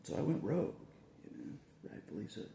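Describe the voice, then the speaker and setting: Man, casual rambling vlog monologue, dark gravelly voice, lively pitch, chuckles between lines, echoey room. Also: a little fast, a little hiss or hum. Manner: chuckles between phrases, repeats himself.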